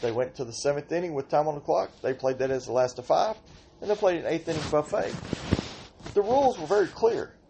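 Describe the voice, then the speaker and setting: An older man hosting a podcast, telling softball stories in an exasperated, ranting way with sudden outbursts. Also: a little high, lively intonation, fairly quick, vocal fry, a little hiss or hum. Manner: exasperated storytelling, rhetorical outbursts. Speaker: podcast host and senior softball player. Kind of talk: casual podcast rant.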